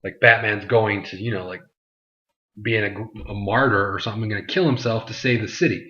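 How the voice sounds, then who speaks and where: A man's voice: lowish voice, moderate pace, sharp tone. A man hosting a vlog, recapping a movie in a loose, rambling way full of "like" and "you know". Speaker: vlog host reviewing a movie. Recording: dull lo-fi sound.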